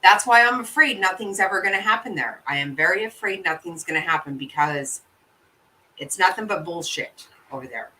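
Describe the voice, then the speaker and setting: Her voice is lowish yet bright and sharp, and she's expressive as she casually responds to comments from her live viewers. Quick to curse and blunt in manner, the host laughs freely. She's seated slightly back from the microphone, so the sound is a touch distant.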